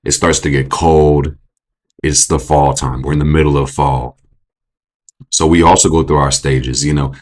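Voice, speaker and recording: Deep husky profane astrology host. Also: male voice. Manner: profane, animated, jumps into mocking high-pitched voices. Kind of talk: casual astrology livestream talk.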